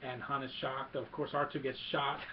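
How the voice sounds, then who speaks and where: A man's voice: mid-range voice, flat delivery, normal speed. A man eagerly retelling a film plot in a casual recap, rambling and restarting as he goes, on a dull lo-fi recording with faint hiss. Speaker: film reviewer.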